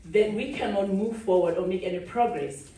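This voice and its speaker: A woman's voice: medium pitch, moderate pace, dark tone. A woman from Cameroon giving a chatty, audience-engaging conference keynote. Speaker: keynote speaker. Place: large conference hall. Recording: echoey hall from a distance.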